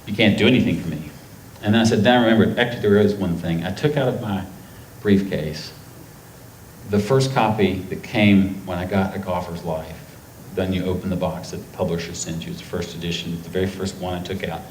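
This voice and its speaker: A deep-voiced, middle-aged man from North Carolina spins long, emotional anecdotes before a festival audience. He rambles and acts out the people in his stories. The sound is roomy and echoing, with a faint hiss behind. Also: steady tone, fairly quick, darkish tone. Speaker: author on festival panel. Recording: echoey hall with faint noise.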